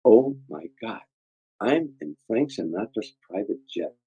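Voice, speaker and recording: A man's voice: on the low side, very animated, unhurried, dark tone, breathy edge, highs cut off. An older man, a comedian telling rambling, heartfelt stories in an interview, often repeating words. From Chicago area, USA. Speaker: guest comedian. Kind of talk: storytelling interview.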